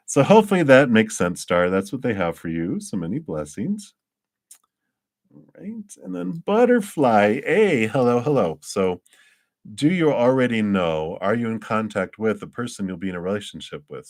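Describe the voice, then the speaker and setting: Low-voiced man giving chatty tarot readings. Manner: chatty, laughs often, acts out quoted voices. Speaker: tarot reader. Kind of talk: live-streamed tarot readings.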